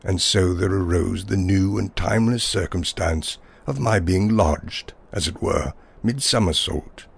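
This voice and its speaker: A man with a low, gravelly voice tells a whimsical first-person tale. His delivery is wry and unhurried, savoring long, playful sentences. The tone stays rough and husky throughout. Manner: wry, whimsical, wordy storytelling. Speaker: narrator. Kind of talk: scripted first-person story narration.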